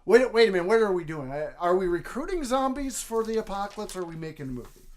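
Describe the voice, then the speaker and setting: A man's voice: sits high, very animated. A man co-hosting a casual comedy chat, rambling with lots of fillers and restarts. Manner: rambling, many fillers and restarts, puts on quick voices. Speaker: podcast co-host.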